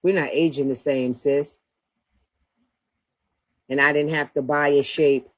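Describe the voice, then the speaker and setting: A woman's voice: low voice, fairly even intonation, unhurried. A woman hosting a livestream, talking bluntly and profanely in a trash-talking rant, breaking into laughter often. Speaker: livestream host.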